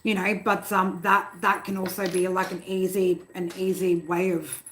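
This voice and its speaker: A woman's voice: fairly low pitch, level tone, moderate pace, fairly bright tone, slight background noise. Chatty swearing tarot reader woman. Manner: chatty, swears freely, laughs often. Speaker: tarot reader hosting a live stream. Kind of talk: casual live-stream chat. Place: home room.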